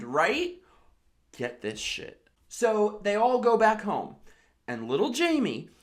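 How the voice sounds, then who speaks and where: A tipsy woman with a fairly high-pitched voice hosts a drunk comedic movie recap. She tells it animatedly, packed with swearing and exclamations.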